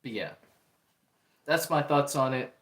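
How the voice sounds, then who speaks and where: Man, livestream host, casual earnest chat, repetitive, reads chat aloud, average pitch, echoey room. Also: expressive, a little slow, fairly bright tone. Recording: roomy echo.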